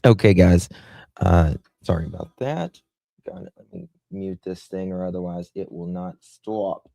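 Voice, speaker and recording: His voice sits low, gravelly and mellow, moving a little slowly as he hosts a casual livestream. Reading viewer comments, this host thanks each person individually with affectionate endearments, with no room sound in the recording.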